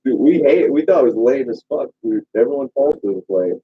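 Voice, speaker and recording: A man's voice: mid-range voice, expressive, quick pace, slightly rough. A man hosting a casual call chat, swearing and bantering animatedly. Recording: tinny call audio.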